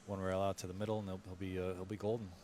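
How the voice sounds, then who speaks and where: A man co-commentating on a pool match in an easygoing way, quick to laugh. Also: low voice, little pitch movement, a little mellow, a little hiss or hum. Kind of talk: live sports commentary.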